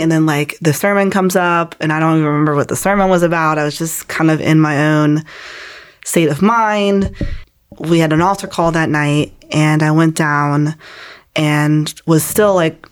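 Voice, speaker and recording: A woman in her twenties, a guest telling her personal faith story in a casual, earnest way, with many "like"s. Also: low voice. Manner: casual and earnest, heavy use of "like".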